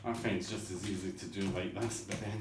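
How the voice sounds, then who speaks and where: A man's voice: sits low, fairly even intonation, a little fast, background noise. Chatty man in an echoey kitchen. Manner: rambling, cheeky, self-mocking patter. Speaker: home cooking show host. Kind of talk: chatty cooking demonstration. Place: home kitchen, indoors. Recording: echoey kitchen with clattering dishes.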